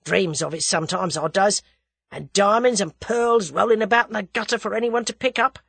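A woman doing a hoarse thug. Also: medium pitch, moderate pace, a bit bright, no echo, pitched above the performer's own voice. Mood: grim relish. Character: rough Cockney thug man, hoarse with grim relish.

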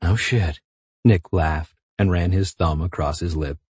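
A man narrating a novel in a measured, intimate reading. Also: low-pitched, steady tone, a little mellow, slightly rough, no room sound. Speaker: audiobook narrator. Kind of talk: scripted narration.

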